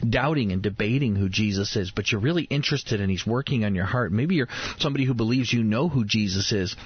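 A man's voice: fairly low pitch, fast talker, slightly rough, no room sound. A man in his thirties hosting a devotional radio talk, earnest, often repeating words as he builds a point. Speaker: radio host. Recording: dull lo-fi radio recording.

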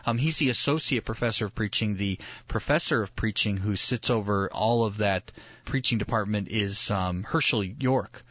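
A man's voice: on the low side, normal speed, dry recording, highs cut off. A young man, a pastor and co-host, telling a story in casual studio chat with many restarts and laughs. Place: radio studio.

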